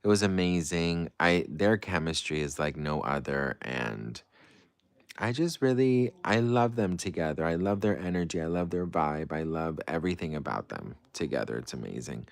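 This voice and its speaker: A man's voice: very deep voice, animated, normal speed, no room sound. A man hosting a livestream who reads out viewer comments and answers them in a playful, dramatic, gushing way. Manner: playful and dramatic, swings between breezy and gushing. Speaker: livestream host. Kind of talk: casual livestream chat reading comments.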